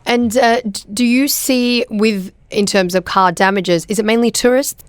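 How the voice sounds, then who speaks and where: A woman's voice: a little high, moderate pace, no echo. A woman hosting a casual radio interview, asking questions and dropping short encouraging replies. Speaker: radio host. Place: radio studio.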